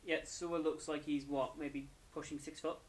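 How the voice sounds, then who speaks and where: A man's voice: fairly high pitch, level tone, normal speed. A young man, tired and yawning, casually reviewing an anime episode in a rambling, self-correcting way.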